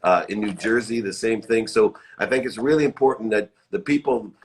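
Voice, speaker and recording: A middle-aged man with a fairly low voice and a brisk pace hosts a live motivational chat over a phone or webcam stream, with a little hiss or hum in the audio. He's effusive and upbeat and keeps repeating uplifting phrases.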